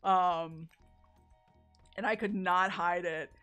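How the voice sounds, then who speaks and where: A woman's voice: on the low side, steady tone, slow, a bit bright, clear, resonant tone, faint music behind. A young woman from the American South chatting casually with her stream chat while playing a game, laughing often and swearing freely. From Southern United States.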